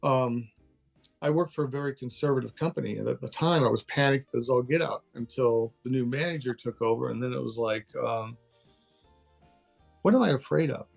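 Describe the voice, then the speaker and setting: A man's voice: medium pitch, brisk, creaky, faint music behind. An older man from Texas, a guest in a casual interview, talking candidly and laughing easily. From Texas, USA. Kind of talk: casual interview over a call.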